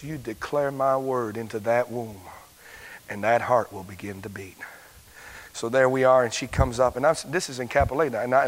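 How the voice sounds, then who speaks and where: A male pastor preaching a fervent sermon, shouting his points and dropping to a hush to tell a story. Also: a little high, poor audio. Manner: fervent, swings from loud shouting to hushed storytelling.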